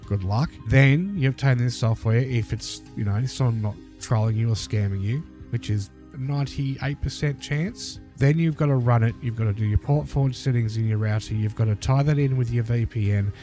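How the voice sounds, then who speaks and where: A man's voice: medium pitch, normal speed, few pauses, warm tone, faint music behind. A man giving critical commentary over a video clip, lecturing and emphatic, repeating his points.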